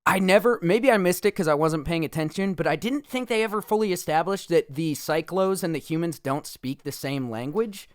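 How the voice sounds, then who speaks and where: A man co-hosting a casual podcast chat, animated and jokey, often slipping into mock impressions. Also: a little high, brisk, hardly any pauses, clear, resonant tone, no echo, clean studio sound. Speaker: podcast co-host.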